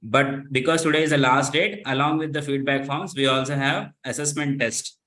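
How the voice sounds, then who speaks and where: A man's voice: mid-range voice, fairly even intonation, normal speed, a bit bright, echoey room. A man with an Indian English accent coordinating an online session, polite and deferential. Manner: deferential, says sir often. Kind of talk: polite organizational talk.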